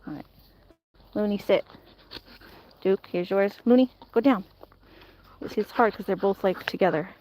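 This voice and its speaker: A woman's voice: mid-range voice, unhurried, long pauses, darkish tone, slight background noise. A woman vlogging outdoors near woods, playfully giving commands to dogs. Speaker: vlogger, dogsitter. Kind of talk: casual vlog talk to dogs.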